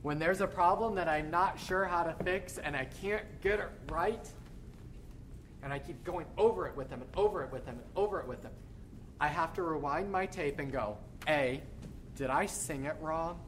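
A man who is a choir director, teaching a choral workshop in an animated way and breaking into sung demonstrations. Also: a little high, moderate pace, a little hiss or hum. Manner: animated, demonstrates by singing phrases.

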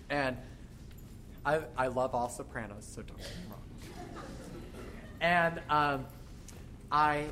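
A man who is a choir director, teaching a choral workshop in an animated way and breaking into sung demonstrations. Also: a little high, slight background noise. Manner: animated, demonstrates by singing phrases.

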